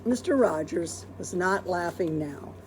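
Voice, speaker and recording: A woman librarian reading a children's storybook aloud in a gentle, expressive storytelling manner. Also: on the low side, unhurried, a little hiss or hum.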